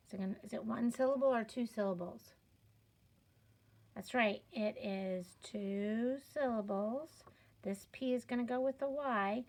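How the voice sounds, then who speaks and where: A woman teaching a children's phonics lesson, sounding out letters patiently and encouraging the learners. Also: a little high. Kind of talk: slow step-by-step reading lesson.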